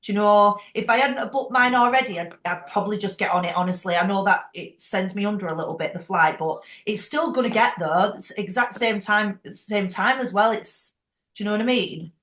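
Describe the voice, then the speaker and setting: A woman leading a group call, chatty and frank, quick to laugh. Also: mid-range voice, fairly bright tone, roomy sound. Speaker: team leader hosting a group call. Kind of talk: casual chat.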